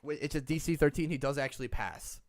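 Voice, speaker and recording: A man's voice: a little high, fast talker. A man narrating as game master, stumbling and restarting as he describes the scene.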